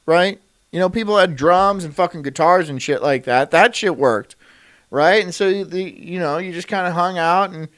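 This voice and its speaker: A man's voice: high-pitched, fairly bright tone. A man streaming, chatting casually in a crude, rambling way and laughing often.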